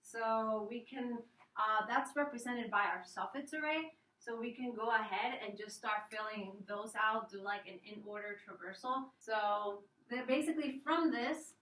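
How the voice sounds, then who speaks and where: A woman's voice: fairly high pitch, a little slow, sharp tone, reverberant, recorded from a distance, low-quality recording. A young woman, a student presenter, casually explaining an algorithm step by step over slides, with fillers and restarts. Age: young adult.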